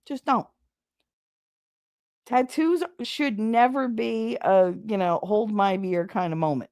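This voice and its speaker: A woman chatting on her podcast in a blunt, profane way, breaking into laughter and snorts as she tells stories. Her voice sits in a middle pitch for a woman. The sound is dry and close, with no room echo. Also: darkish tone. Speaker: podcast host. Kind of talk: casual storytelling chat.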